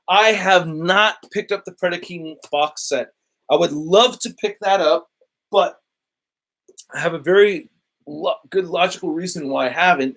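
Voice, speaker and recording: A young man hosting a casual live stream, excitable and rambling, reading his chat aloud. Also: on the high side. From United States. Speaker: toy collector YouTuber, live-streaming host.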